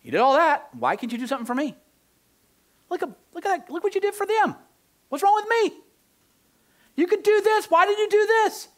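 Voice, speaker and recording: Brief: man doing a high-pitched whiny believer, petulant and pleading. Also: very animated, brisk, long pauses, fairly bright tone, full character voice. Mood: whining. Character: whiny frustrated believer complaining to God.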